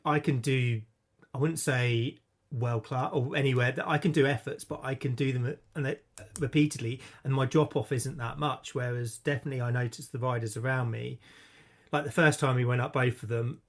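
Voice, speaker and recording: A man's voice: mid-range voice, steady tone, brisk. A man co-hosting a podcast in casual chat, chatty and self-deprecating, often restarting his sentences. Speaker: podcast co-host.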